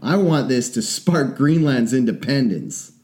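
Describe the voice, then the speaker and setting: A man's voice: mid-range voice, lively intonation, unhurried, darkish tone. Rambling, opinionated man in casual chat. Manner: rambling, opinionated, swears a lot.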